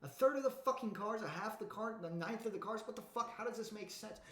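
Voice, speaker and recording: A man voicing baffled, outraged adult male heirs in a shouty, incredulous, profane way. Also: sits high, quick pace, pitched above the performer's own voice. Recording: echoey room.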